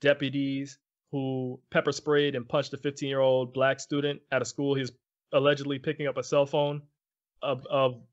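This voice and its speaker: A man's voice: mid-range voice, little pitch movement, normal speed, dull audio. A man co-hosting a podcast in casual chat, earnestly steering the topics. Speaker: podcast co-host.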